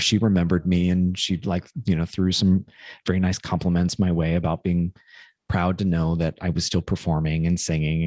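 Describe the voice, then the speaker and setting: A man with a very low voice tells a personal story on a podcast, pausing and restarting as he thinks it through. The sound is dry and close, with no room echo. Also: darkish tone. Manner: thoughtful, halting, many restarts. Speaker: podcast co-host. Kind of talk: casual storytelling chat.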